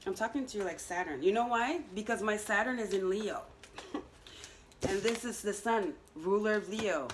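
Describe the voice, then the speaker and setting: A woman's voice: medium pitch, normal speed, noisy background. Chatty, teasing woman tarot reader. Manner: chatty, teasing, full of "you know" fillers, laughs at herself. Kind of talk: casual direct-to-camera energy reading.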